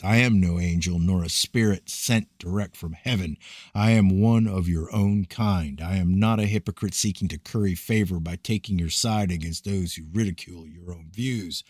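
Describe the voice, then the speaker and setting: A man giving a grave, measured, declamatory reading of an ancient scripture. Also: low voice, dry recording, clean studio sound.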